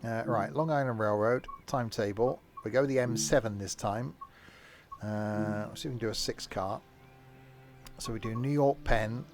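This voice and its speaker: A man's voice: fairly low pitch, normal speed, over music. A British man chatting casually as he streams a train game, rambling into asides. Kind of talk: casual gameplay commentary.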